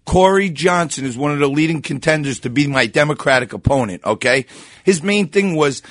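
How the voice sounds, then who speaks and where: A man, talking as a candidate on a radio show. He talks in a punchy, forceful way, his voice sitting a touch high. The studio sound is dry and close. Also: lively intonation, brisk, no room sound. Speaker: political candidate guest. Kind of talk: radio interview, campaign pitch.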